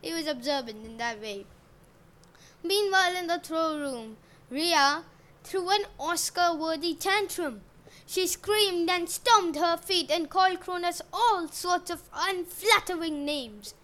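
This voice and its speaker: Slow, high-voiced woman telling myths. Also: bright, forceful tone. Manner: jokey asides, modern slang. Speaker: podcast host and storyteller. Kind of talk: casual myth storytelling podcast.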